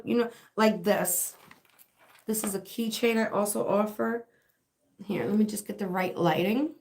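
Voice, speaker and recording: Chatty woman with a sore throat. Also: medium pitch. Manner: chatty and rambling, with frequent fillers and laughs. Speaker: live spiritual reader and online shop owner. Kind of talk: casual livestream chat.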